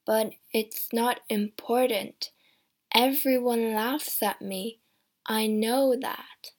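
A woman doing a slow, strange-voiced shy man. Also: on the high side, a little mellow. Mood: gentle, resigned. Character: gentle, shy deformed young man, slow-spoken.

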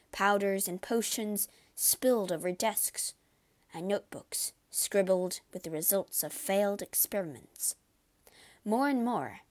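A woman voicing a shaken, frightened male doctor who speaks in a trembling voice, in a storybook reading. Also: high-pitched. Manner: trembling, fearful.

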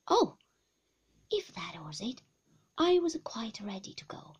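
A woman reading a classic novel aloud in a soft, half-whispered voice. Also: a little high, very animated, slow pace, pauses often, slightly rough. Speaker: narrator. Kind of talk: storybook reading.

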